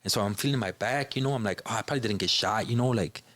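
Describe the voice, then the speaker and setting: A man's voice: lowish voice, very fast, fairly bright tone, slight background noise. A man from Chicago, a podcast guest, telling a personal story in a casual, informal way, filling his speech with "you know" and "bro".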